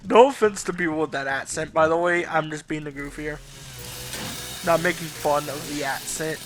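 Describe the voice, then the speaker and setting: A man's voice: on the high side, normal speed, fairly bright tone, a little hiss or hum. A Southern man giving casual, rambling let's play commentary, swearing and laughing freely. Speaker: gaming YouTuber.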